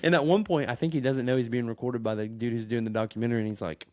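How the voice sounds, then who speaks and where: A man's voice: medium pitch, fairly even intonation, racing, darkish tone. A man recorded on a phone, rambling through a crude story in casual podcast chat and laughing often. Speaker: podcast co-host.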